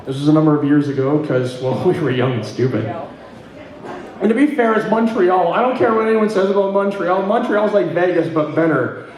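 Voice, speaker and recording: High-voiced profane Canadian comedian, echoey club. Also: male voice, fairly quick, a little mellow. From Ontario, Canada. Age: middle-aged. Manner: profane, laughing between punchlines. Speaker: stand-up comedian. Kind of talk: stand-up comedy storytelling.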